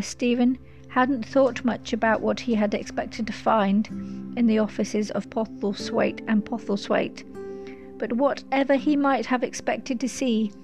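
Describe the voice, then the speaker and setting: A woman narrating a storybook in a measured, descriptive way. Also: a little high.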